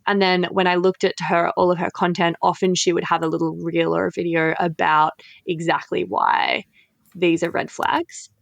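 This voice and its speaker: A woman's voice: fairly low pitch, little pitch movement, moderate pace, gravelly, dry recording. A woman hosting a podcast in casual chat, blunt and frank, swearing freely and using lots of fillers. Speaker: podcast host.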